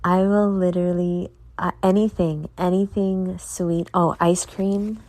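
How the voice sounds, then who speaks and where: A woman's voice: on the low side, level tone, measured pace, hardly any pauses, warm tone. A tired, yawning woman hosting a casual solo podcast, earnestly motivating her listeners and speaking to them directly. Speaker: podcast host.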